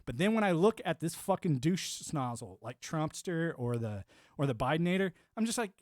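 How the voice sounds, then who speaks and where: A man's voice: on the high side, sing-song, normal speed, darkish tone, dry recording, studio quality. A man, a military veteran hosting a livestream, talking in a blunt, profane, rambling monologue full of restarts. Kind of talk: casual monologue.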